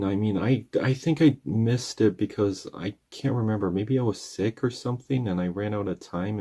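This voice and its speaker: A man in his thirties with a very low, mellow voice chats through a movie review. He rambles earnestly, stringing the plot together with "and then" after "and then". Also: creaky, slightly rough. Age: 30s. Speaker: channel host reviewing a movie. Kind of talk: casual spoken movie review.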